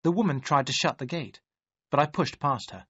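A man reading a story aloud in measured, even storytelling narration. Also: medium pitch, slightly rough, no room sound. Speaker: audiobook narrator. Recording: dry, slightly dull audio.

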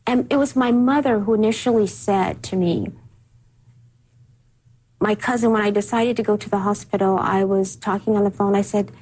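A woman being interviewed on TV, recalling personal events in halting speech full of repeated words and restarts. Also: medium pitch, steady tone, darkish tone, slightly rough, poor audio. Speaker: interview guest. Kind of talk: emotional personal recollection in a TV interview.

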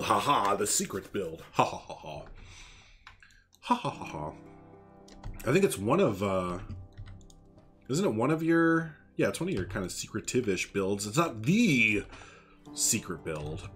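A man's voice: medium pitch, a bit bright. A young man chatting casually on a game live stream, laughing often and answering viewers.

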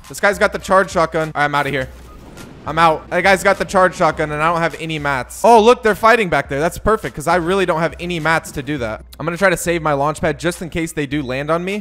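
A young man giving casual, excitable commentary over his own gameplay. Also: on the high side, brisk, soft background music. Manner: excitable, jumps to yelps at in-game moments. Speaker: gaming YouTuber.

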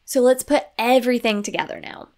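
A woman with a slightly high voice and a gravelly, fry-laced edge talks in a calm, coaching way. She walks through ideas step by step, like a podcast host giving parents practical guidance. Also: brisk. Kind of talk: instructive solo podcast talk.

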